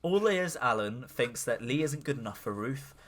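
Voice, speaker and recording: A young man co-hosting a podcast in casual chat, animated and acting out scenes. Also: medium pitch, moderate pace, over a noisy crowd. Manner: animated, acts out scenes with voices. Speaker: podcast co-host.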